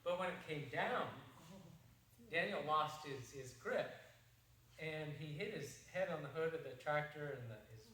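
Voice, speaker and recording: In a seminar room, a middle-aged male presenter tells a story in a folksy, rambling way, restarting often. His voice is fairly high, pushed and bright, and a little slow. A distant mic picks him up in an echoey room.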